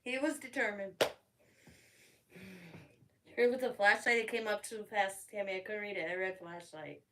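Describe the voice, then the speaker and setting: A woman's voice: medium pitch, steady tone, normal speed, far from the mic, background noise. A middle-aged woman telling stories in a casual live-stream chat, laughing often as she talks. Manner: chatty storyteller who laughs often. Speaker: craft channel host.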